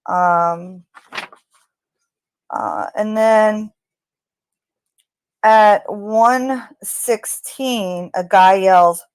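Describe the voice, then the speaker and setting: A woman casually narrating what she hears in a recording, halting often with ums and restarts. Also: medium pitch, fairly even intonation, darkish tone, clear, resonant tone, dry recording. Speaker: true crime commentator. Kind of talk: casual narration of audio analysis.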